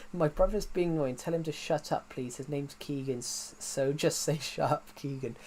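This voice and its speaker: Rambling streamer man, slightly high voice. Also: normal speed, mellow, a little hiss or hum. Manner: rambling, chatty, often restarts mid-sentence. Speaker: game streamer. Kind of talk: casual live-stream chat.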